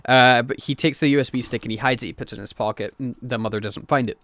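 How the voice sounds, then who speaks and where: A man's voice: medium pitch, fast talker, dry recording. A man co-hosting a podcast, chatting casually as he recaps a TV plot, swearing often and acting out the characters' lines. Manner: animated, sweary, acts out quotes. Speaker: podcast co-host. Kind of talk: casual chat recapping a TV show.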